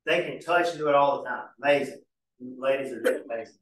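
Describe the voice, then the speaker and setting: A pastor teaching a marriage class in a casual, folksy way with homespun examples. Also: male voice, medium pitch, fast talker, fairly bright tone, slight background noise. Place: church hall. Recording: very echoey church room, mic far off.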